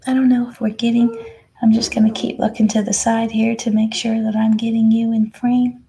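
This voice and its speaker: A woman hosting a puppy live cam in a gentle, affectionate casual chat, indoors with the puppies. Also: a little high, level tone, moderate pace, creaky, reverberant, a little hiss or hum.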